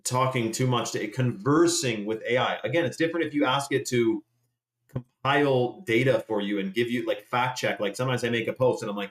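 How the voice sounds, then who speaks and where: A man's voice: mid-range voice, normal speed, fairly bright tone. A man rambles through a casual live-stream rant, peppering his talk with swearing and loose asides. His voice sits in an everyday middle register. The room gives it a noticeable echo. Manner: rambling, profane, conversational. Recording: roomy echoey room.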